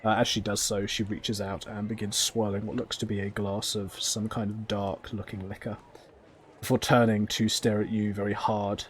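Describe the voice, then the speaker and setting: A man's voice: fairly low pitch, flat delivery, normal speed, a little hiss or hum. A man narrating a tabletop game as game master, descriptive and hesitant with frequent ums.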